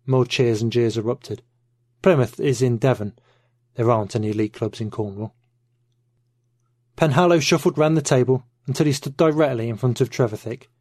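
A man narrating a novel in the first person, steady and measured. His voice sits in a middle pitch, recorded close with a dry, dead sound. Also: no echo. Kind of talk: audiobook narration.

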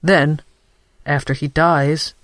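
A storyteller voicing a wary, middle-aged Filipino male shopkeeper who speaks in a measured, cautious way. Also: mid-range voice, little pitch movement, fairly bright tone, no echo, clean studio sound. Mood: scheming.

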